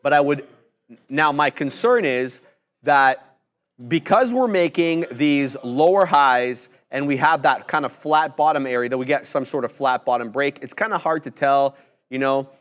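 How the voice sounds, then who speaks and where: Man calmly walking through stock charts. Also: mid-range voice, normal speed. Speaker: co-host of a live trading show. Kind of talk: live market commentary.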